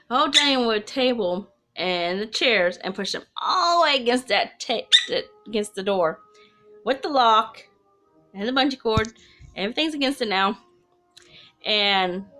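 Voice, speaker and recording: A woman tells her own ghost story to the camera, casual and chatty, rambling with asides and restarting herself along the way. Her voice is on the high side, bright and forceful.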